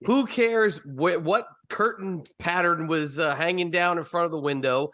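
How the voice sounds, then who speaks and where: A man's voice: on the high side, unhurried, pushed and bright. A man co-hosting a comedy podcast, ranting sarcastically and building up jokes. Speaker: podcast co-host. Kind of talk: casual comedic chat.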